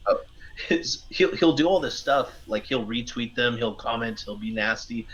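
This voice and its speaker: A man's voice: mid-range voice, lively intonation, normal speed, fairly bright tone, poor audio. A man who is a guest on a casual live-stream chat, speaking hesitantly and conversationally. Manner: hesitant, many fillers and restarts, conversational.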